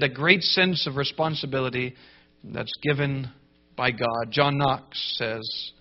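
Male preacher, emphatic sermon delivery with loud peaks and low grave drops, a bit high-pitched. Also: lo-fi sound. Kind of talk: sermon to pastors.

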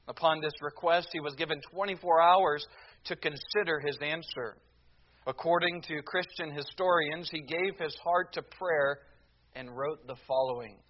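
Slow, deliberate preacher man. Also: fairly high pitch, dull audio. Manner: deliberate, repeats each phrase. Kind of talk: sermon.

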